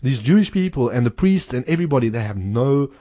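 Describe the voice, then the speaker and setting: Talking fast and animated in a warm, mid-range voice, this man co-hosts a radio-style talk show as a Bible teacher. He earnestly explains scripture, quoting passages and repeating key words, in studio-quality audio with no echo.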